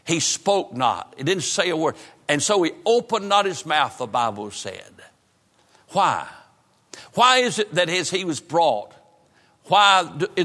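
Fervent preacher with a high, bright voice. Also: male voice. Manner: fervent preaching with repetitions, drops to a hush at solemn lines. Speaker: pastor. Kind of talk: sermon. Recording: preaching in a reverberant church hall.

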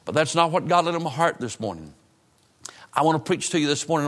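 A man preaching a sermon with fervent repetition, dropping to a hush on solemn lines. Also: a little high, expressive, quick pace. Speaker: pastor. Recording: preaching in a reverberant church hall.

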